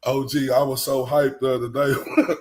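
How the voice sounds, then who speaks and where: A man's voice: medium pitch, little pitch movement, normal speed. Rambling man hosting a livestream. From Texas. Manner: rambling, slang-heavy, breaks into laughter often. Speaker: livestream show host. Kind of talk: casual livestream chat.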